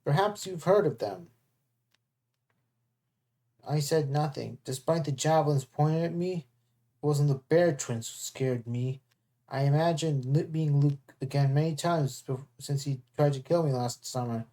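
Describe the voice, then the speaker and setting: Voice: medium pitch, fairly even intonation, moderate pace, warm tone. A reader narrating a novel aloud in the first person, with small stumbles along the way. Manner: plain reading with small stumbles.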